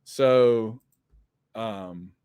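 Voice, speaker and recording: A man's voice: lowish voice, extremely slow, darkish tone, smooth, no echo. Chatty man reading comics aloud. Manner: chatty, wry asides, many fillers. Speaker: podcast host.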